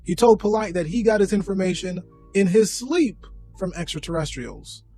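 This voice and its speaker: A man's voice: sits high, normal speed, mellow, soft background music. A man narrating a scripted commentary voice-over in a dry, sarcastic tone.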